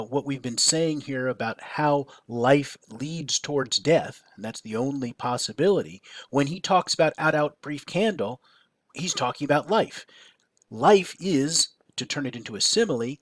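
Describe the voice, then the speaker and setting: A man's voice: mid-range voice, expressive, normal speed, no room sound. A male teacher explaining a lesson, hesitant, with many fillers and restarts and frequent checks of "right?". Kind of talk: recorded classroom lecture.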